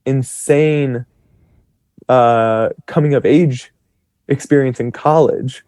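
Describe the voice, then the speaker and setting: A man's voice: mid-range voice, fairly even intonation, slow, darkish tone, no room sound, clean studio sound. A man in his twenties, a podcast guest, telling stories in a chatty, rambling way with lots of fillers and quoted self-talk. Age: 20s. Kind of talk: casual storytelling.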